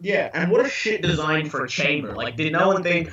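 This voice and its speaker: A young man rants about television, exasperated and full of swearing. His slightly high voice sounds distant in a very echoey room. The recording is dull and muffled. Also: very animated, normal speed, fairly bright tone. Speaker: podcast co-host. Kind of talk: casual ranting review.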